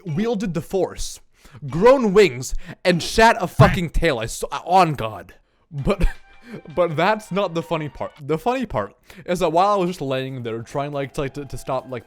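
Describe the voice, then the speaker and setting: A young man telling a comic story from his childhood, animated and sweary, with lots of exaggeration. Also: on the high side.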